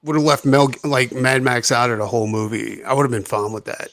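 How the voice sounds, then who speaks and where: A man's voice: medium pitch, fairly even intonation, brisk, a bit bright. A man in a casual podcast chat, laid-back and slangy, calling people dude.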